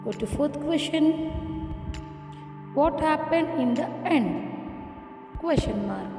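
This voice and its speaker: A woman teacher with a high voice talks slowly and carefully, spelling words out letter by letter for children. She is recorded in an echoey room with a long reverb tail. Faint music plays behind her. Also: lively intonation, gravelly. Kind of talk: dictating a lesson, spelling words.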